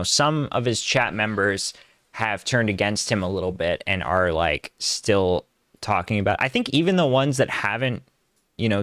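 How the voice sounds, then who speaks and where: Male co-host for reaction chat: low-pitched, smooth and clean tone, dry close sound, sarcastic delivery. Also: a bit bright, dry recording. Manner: sarcastic, mocking, heavy use of "like". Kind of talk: casual reaction commentary.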